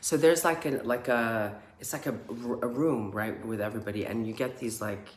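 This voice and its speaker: A woman, a spiritual healer, telling a personal story in a casual, animated way, acting out screams and chants between many fillers. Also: a bass voice, moderate pace. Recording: roomy echo.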